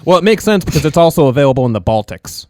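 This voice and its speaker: A man's voice: on the high side, sing-song, racing, darkish tone. A man co-hosting a casual podcast chat, telling rambling anecdotes and laughing often. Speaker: podcast co-host.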